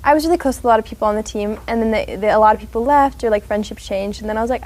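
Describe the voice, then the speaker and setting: A teenage girl chatting casually on a student show, relaxed and reflective, often checking that she makes sense. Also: on the high side, very fast. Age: teens. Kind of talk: casual chat.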